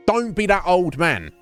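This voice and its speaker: A young man streaming, telling a profane, animated story about a coffee job and acting out the people in it. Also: high-pitched. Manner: profane, animated ranting with voiced quotes. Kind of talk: ranting story while streaming a game.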